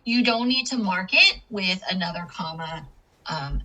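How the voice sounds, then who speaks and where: A woman's voice: on the low side, lively intonation, unhurried, sharp tone, low-quality recording. A woman teaching an English-as-a-second-language class on punctuation, explaining patiently and often checking in with "okay". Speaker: ESL teacher.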